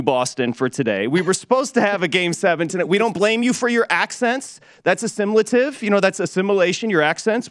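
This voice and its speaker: A man from Detroit hosts a sports betting show, and his voice sits slightly high. The sound is close and dry, with no room around it. He teases his co-host in a wry, mock-solemn way. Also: no room sound. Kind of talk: sports betting radio chat.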